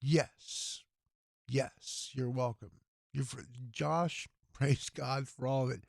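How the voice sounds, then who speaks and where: A man hosting a livestream telethon, earnest and preachy, speaking with a hoarse, tired voice. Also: medium pitch, fairly even intonation, slow, dry recording, clean studio sound. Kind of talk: casual livestream talk with prayer.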